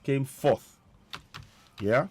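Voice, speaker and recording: A man delivering an impassioned political monologue, forceful and repetitive, with a preaching cadence. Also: mid-range voice, drawn-out words, slight background noise. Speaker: political commentator.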